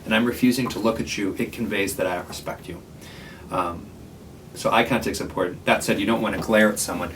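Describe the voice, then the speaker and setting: A man's voice: lowish voice, fast talker, fairly bright tone, distant mic, slight background noise, low-quality recording. A man who works at a homeless shelter, giving a casual, earnest training talk to librarians with many fillers and restarts.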